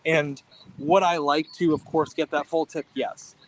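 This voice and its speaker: A man's voice: on the high side, steady tone, measured pace, a little hiss or hum, poor audio. A man co-hosting a casual talk show, speaking with hesitant restarts as he explains his own work. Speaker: podcast co-host. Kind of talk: casual chat.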